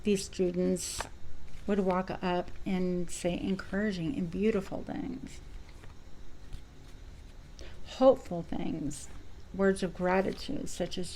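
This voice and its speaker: A woman's voice: on the low side, fairly even intonation, takes it slowly, long pauses, mellow, slight background noise, poor audio. A woman giving a spiritual card reading to her viewers, reflective and searching for words as she goes. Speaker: tarot reader.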